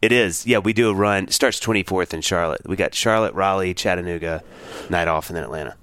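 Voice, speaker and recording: A man in his forties, co-hosting a podcast in casual, animated chat, full of restarts. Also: sits low, fast, clean tone, dry recording. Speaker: podcast co-host.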